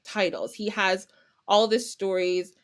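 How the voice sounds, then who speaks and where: Woman, podcast guest, animated storyteller, playful character voices, casual tone. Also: mid-range voice, measured pace. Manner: animated, acts out characters with little voices and laughs.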